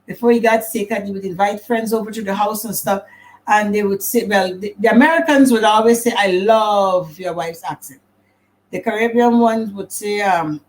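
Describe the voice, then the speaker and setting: A woman's voice: mid-range voice, low-quality recording. An older woman from Guyana with a Guyanese accent, telling stories in a casual livestream chat as the host's mother. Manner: storytelling, acts out quoted voices.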